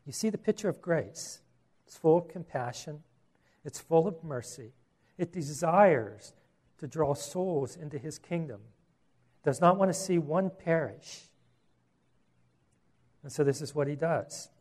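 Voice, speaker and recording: A man's voice: on the high side, animated, measured pace, pauses often, darkish tone. A man preaching a sermon, earnest, with repeated words and rhetorical questions.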